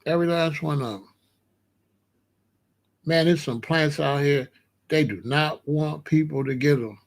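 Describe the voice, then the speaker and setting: A man in a casual monologue, talking in a slangy, emphatic way and reacting with animated disbelief. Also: on the high side, measured pace, gravelly. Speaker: vlogger.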